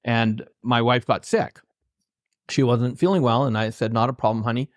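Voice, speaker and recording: A man's voice: medium pitch, fairly even intonation, moderate pace, no room sound, studio quality. Heartfelt man telling a story. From Canada. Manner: heartfelt, anecdotal, quotes his own dialogue. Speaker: author and trainer, guest. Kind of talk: storytelling in a podcast interview.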